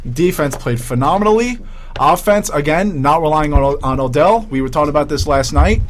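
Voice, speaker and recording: A man's voice: fairly high pitch, animated, a little fast, a little hiss or hum. A young man hosting a college radio sports show from a campus studio, talking in a chatty, upbeat way. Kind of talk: casual sports talk.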